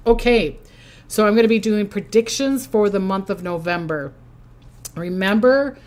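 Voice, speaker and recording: A woman's voice: medium pitch, measured pace, a little mellow. An older woman with a Minnesota accent, hosting her own livestream as a psychic and chatting casually through viewer comments in a rambling way. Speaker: psychic host.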